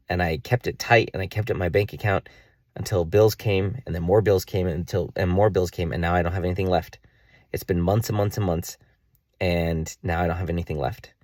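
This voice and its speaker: A man's voice: sits low, darkish tone, dry recording, clean studio sound. A man in his thirties talking straight to camera in a personal video diary. He scolds himself in an exasperated, rambling way and swears now and then. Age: 30s. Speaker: vlogger.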